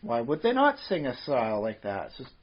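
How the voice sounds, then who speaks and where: A podcast co-host, male, talks in casual chat with a medium-pitched voice that swoops wildly up and down at a fairly quick clip. He rambles, full of fillers and restarts, and the audio is dull lo-fi podcast sound.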